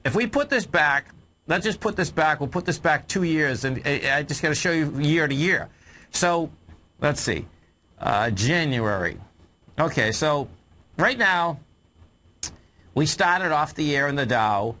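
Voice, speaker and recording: Man, radio market host, emphatic, repetitive, bright tone, fairly high pitch. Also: lively intonation, a little slow, pauses often. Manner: emphatic, repeats phrases, addresses folks. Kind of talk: radio market talk with callers. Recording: radio broadcast.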